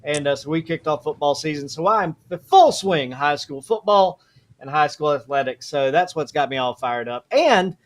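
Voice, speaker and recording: Jokey co-host, fairly high voice. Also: male voice, expressive, normal speed. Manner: jokey, folksy, self-deprecating. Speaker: co-host, high school sports broadcaster. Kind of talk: casual live show chat.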